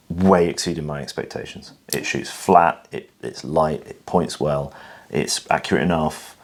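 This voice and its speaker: A man with a very deep, husky voice answering questions in a casual chat, hesitant and filling pauses with ums. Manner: hesitant, with fillers and repeated words. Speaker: firearms channel host answering questions. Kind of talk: casual conversational Q&A.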